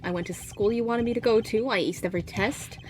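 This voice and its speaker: A woman's voice: fairly high pitch, fast talker, a little mellow, natural voice. A woman voicing an eager, insecure young man desperate to please his father, pleading and earnest. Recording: game music faintly behind.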